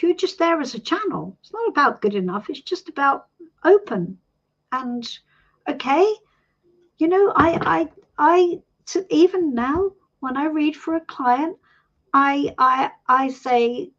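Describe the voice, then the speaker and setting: Middle-aged British woman, tarot host; warm, encouraging coaching talk, animated delivery over slightly muffled stream audio. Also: sits high. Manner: warm, reassuring, calls people sweetie. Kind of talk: live-stream coaching chat.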